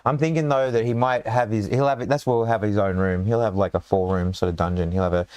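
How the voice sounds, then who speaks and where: A man's voice: fairly low pitch, steady tone, fast, a little mellow, smooth, dry recording. A man with an Australian accent, chatting casually and joking as he draws a dungeon map, rambling with lots of fillers. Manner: rambling, joking, thinks aloud with many fillers. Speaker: dungeon designer and show host. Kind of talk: casual chat while drawing a dungeon map.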